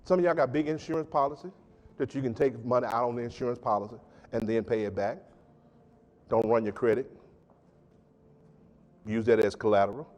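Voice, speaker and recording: A man's voice: medium pitch, steady tone, brisk, pauses often. Emphatic preaching man in a reverberant church. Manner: emphatic call-and-response preaching, loud swings in volume and pace. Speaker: pastor. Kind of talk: sermon. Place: church sanctuary. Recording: church hall with long reverb.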